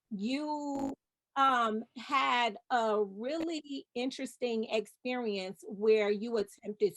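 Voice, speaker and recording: A woman hosting a coaching podcast, her voice high and her pace unhurried. She asks her questions gently and reassures her guest. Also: rough recording. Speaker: podcast host, life coach. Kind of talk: interview.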